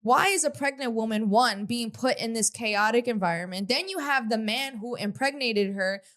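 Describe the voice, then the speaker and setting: A young woman podcast co-host with a slightly high voice. She talks things through in a measured, explaining way, using casual fillers. The talk is loose commentary on a reality show. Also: a bit bright.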